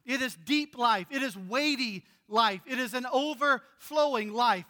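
A man's voice: very high-pitched, a little slow, sharp tone. A male pastor preaching a sermon, earnest and emphatic, stretching out key words for stress.

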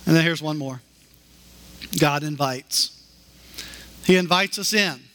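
A man preaching a sermon as pastor, with slow, emphatic repeated declarations that climb in pitch. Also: sharp tone, a little hiss or hum.

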